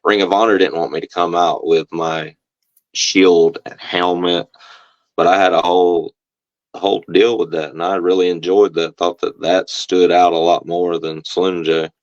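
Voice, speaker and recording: A man, a professional wrestler, talking casually in an interview and telling stories in a relaxed way, acting out other people's voices. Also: sits low, moderate pace, no room sound, dull audio. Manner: relaxed storyteller, acts out the other voices in quotes.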